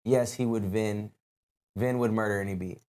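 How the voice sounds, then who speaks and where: A man hosting a live music review show, giving blunt, casual critiques in relaxed slang. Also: lowish voice, moderate pace, smooth. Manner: blunt, laid-back slang.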